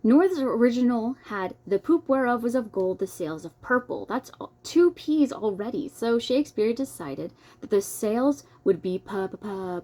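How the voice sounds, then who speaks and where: A woman's voice: fairly high pitch, warm tone. A young adult woman reading a nonfiction book aloud, breaking off for playful, self-deprecating comments. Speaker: book reader.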